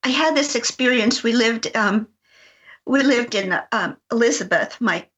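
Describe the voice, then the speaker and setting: A middle-aged woman from Colorado, a talk-show guest telling a personal story in an animated way, acting out voices as she goes. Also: a little high, unhurried. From Colorado, USA. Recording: dull lo-fi broadcast audio.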